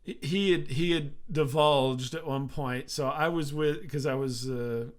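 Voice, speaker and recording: A man's voice: a little high, measured pace. A middle-aged man co-hosting a talk show, telling long rambling anecdotes with restarts and laughs. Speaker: podcast co-host. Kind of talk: casual storytelling chat.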